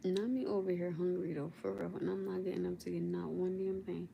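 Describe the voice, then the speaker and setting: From bed at home, a young woman runs a late-night livestream, chatting casually with viewers in a sleepy, teasing mood and laughing a lot. Her voice sits on the low side, warm and gravelly, steady and brisk, with slight background noise.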